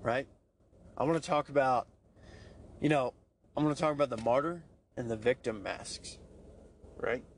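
A man's voice: medium pitch, moderate pace, pauses often. A man hosting a podcast, talking through his past in a candid, profane monologue. He mocks himself and keeps checking in with "right?". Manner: candid, profane, self-mocking, frequent "right?" asides. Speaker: podcast host. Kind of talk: personal monologue.

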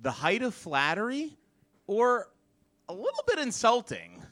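A man hosting a live comedy debate show, reading out questions in a deliberate, dry manner. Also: very high-pitched, huge pitch swings, a bit bright. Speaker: host.

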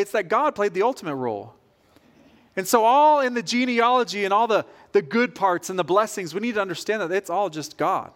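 A man's voice: sits high, a bit bright. A male pastor preaching a sermon, telling a story and acting out the people in it with rising energy. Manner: storytelling, acts out quoted voices with rising energy.

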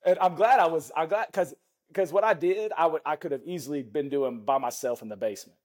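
Husky man telling rambling stories. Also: fairly high pitch, brisk. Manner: rambling anecdotes, restarts, laughs at himself. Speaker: podcast guest, former NFL lineman. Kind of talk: casual storytelling in an interview.

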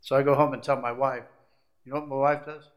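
A middle-aged pastor preaching a sermon, rising to loud climaxes and dropping to quiet, intimate asides. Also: male voice, medium pitch, little pitch movement, fast talker, lo-fi sound.

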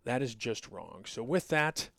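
A middle-aged man with a gravelly, fry-laden voice delivers solo podcast commentary in an indignant, sarcastic, lecturing tone. He speaks close to the mic in a dry, dead room. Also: medium pitch, big pitch swings, unhurried, a bit bright, no room sound. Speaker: podcast host.

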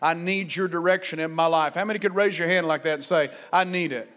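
Male pastor, high pitch, fervent sermon delivery with shouted peaks. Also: fairly even intonation, fairly quick. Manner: fervent, rising to shouted exhortations, then quiet storytelling.

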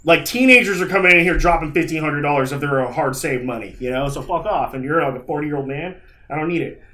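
A man's voice: fairly high pitch, quick pace, pushed and bright. A man on a podcast who vents about his week in a rambling, profane storytelling manner. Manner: frustrated venting. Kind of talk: casual chat.

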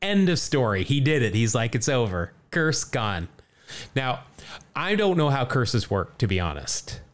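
A man's voice: mid-range voice, big pitch swings, normal speed. A man hosting a podcast, telling a story in casual chat, jokey and chatty, laughing often. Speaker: podcast host.

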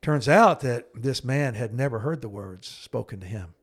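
A middle-aged man co-hosting a podcast, telling a counseling story in an earnest, halting way and acting out quoted speech in a low, hushed voice. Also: expressive. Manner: earnest, halting, with frequent restarts and fillers. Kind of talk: conversational storytelling.

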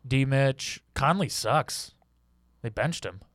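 A young man co-hosting a podcast in casual, profane chat, joking with deadpan asides. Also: medium pitch, takes it slowly, dry recording, clean studio sound. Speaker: podcast co-host.

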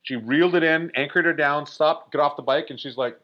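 A man in his forties telling a story in a casual, animated way, full of "like" fillers. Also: a little high, a little fast. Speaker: guest. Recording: dull lo-fi recording.

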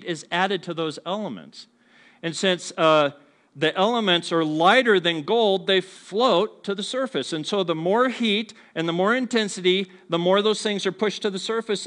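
A pastor with a higher-than-usual, slightly bright voice preaches to a live congregation in church. His sermon is conversational and jokey, often putting questions to the room, and he slips into quoted voices to act out how people talk to each other.

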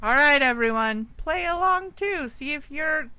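Giggly high-voiced woman. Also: lively intonation, unhurried, sharp tone. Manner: giggly, playful, breaks into laughter often. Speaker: co-host. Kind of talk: casual podcast chat, reading a spooky story aloud.

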